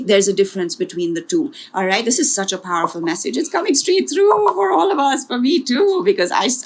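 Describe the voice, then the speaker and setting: A woman in the middle of a tarot reading, talking as a spiritual coach. She is earnest and encouraging, repeats key phrases and adds small asides. Her voice sits at an ordinary middle pitch. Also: fairly bright tone.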